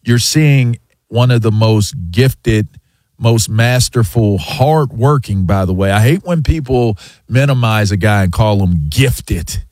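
Low-voiced man, opinionated sports talk. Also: slow, a little mellow, no echo. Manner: emphatic, opinionated, talks in long run-on thoughts. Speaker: sports talk show co-host. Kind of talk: casual sports radio chat.

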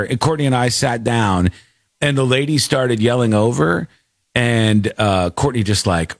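A man hosting a talk show, chatting casually and ranting with animated, acted-out quotes. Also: mid-range voice, a little slow, no echo, clean studio sound. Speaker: podcast host. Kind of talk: casual chat.

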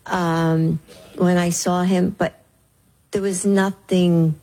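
A woman answering interview questions in a slow, hesitant, measured way. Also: on the low side, little pitch movement, mellow, poor audio. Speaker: interview guest. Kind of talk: recorded interview clip.

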